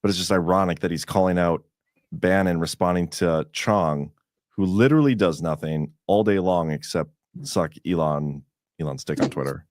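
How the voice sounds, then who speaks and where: Deep-voiced man in loose, profane chat. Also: normal speed, darkish tone, dry recording. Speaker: podcast co-host. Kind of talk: casual chat.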